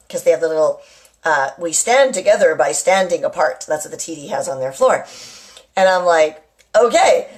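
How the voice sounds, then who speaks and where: A middle-aged woman at home, hosting a casual live chat to her viewers. She rambles and keeps asking "right?". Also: medium pitch. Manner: chatty, rambling, often asks "right?". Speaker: live-stream host. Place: at home with a kitchen nearby.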